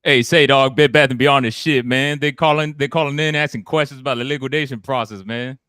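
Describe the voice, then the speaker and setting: A man's voice: medium pitch, steady tone, brisk, bright, forceful tone, clear, resonant tone, no room sound, clean studio sound, voice pushed up, lightly acted. A man putting on a brash, slangy voice for a ghost giving stock tips.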